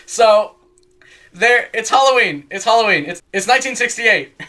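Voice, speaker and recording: Bright-voiced man telling a rambling comic story. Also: high voice, lively intonation. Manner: rambling, swearing, quick voice changes for quoted characters. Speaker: comedy storyteller. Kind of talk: casual comedic retelling of a story.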